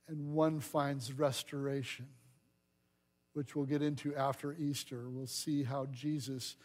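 A man preaching a sermon as pastor, acting out the voices of the scripture scenes he reads. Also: a little high. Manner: dramatic acting out of scripture dialogue.

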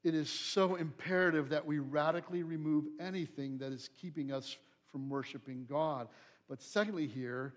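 A man's voice: on the high side, fairly even intonation, normal speed. A pastor preaching a fervent sermon, building to emphatic, searching questions to his listeners.

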